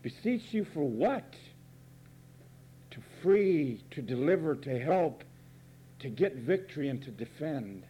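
Guy preaching from the pulpit, fiery and sarcastic, kinda high voice, warm and dark tone. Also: very animated, slow pace, pauses often, husky. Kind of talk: sermon. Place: church pulpit.

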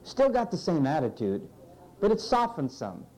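Animated, sarcastic male preacher. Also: a little high, moderate pace, low-quality recording. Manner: animated, sarcastic, acting out quoted complaints. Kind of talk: sermon.

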